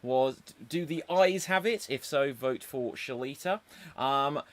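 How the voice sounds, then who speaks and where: A man's voice: mid-range voice, slow, a bit bright, no room sound. A man hosting an improv comedy stream, joking and teasing with loose, hesitant delivery. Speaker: host.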